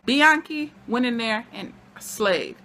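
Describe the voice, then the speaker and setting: A woman giving a casual, excitable TV episode recap from home, chatting to her viewers as y'all. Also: a little high, takes it slowly. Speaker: TV recap vlogger.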